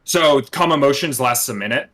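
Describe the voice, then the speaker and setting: Bright-voiced man running a tabletop game. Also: mid-range voice, normal speed. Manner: explains rules step by step, laughs often. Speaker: game master.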